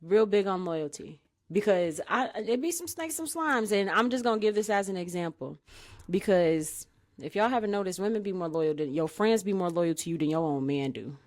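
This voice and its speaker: A woman's voice: on the low side, expressive, normal speed, a little mellow. A woman co-hosting a casual podcast chat, giving emphatic, preachy advice and often asking the listener for agreement. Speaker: podcast co-host.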